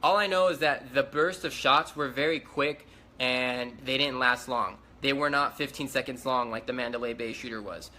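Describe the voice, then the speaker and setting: A man's voice: medium pitch, normal speed, pushed and bright. A man giving eyewitness testimony, recounting events urgently and speeding up as he relives the chaos.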